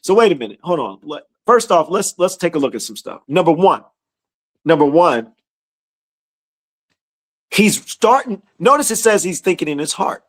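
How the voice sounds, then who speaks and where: Lively, animated woman teaching scripture. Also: fairly low pitch, normal speed, long pauses. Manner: animated, laughing, talks to viewers as y'all. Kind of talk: casual livestream Bible teaching.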